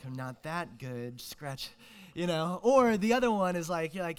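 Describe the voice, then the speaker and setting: A man's voice: fairly high pitch, animated, normal speed, hardly any pauses, clean tone. A young man, preaching a casual, joking sermon as a guest preacher, full of fillers and restarts.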